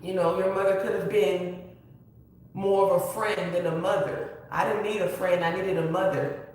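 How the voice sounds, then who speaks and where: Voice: medium pitch, little pitch movement, normal speed, darkish tone. A tarot reader giving an earnest, emotional reading, repeating key phrases in a casual spiritual style. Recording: very echoey room, distant mic, faint hiss.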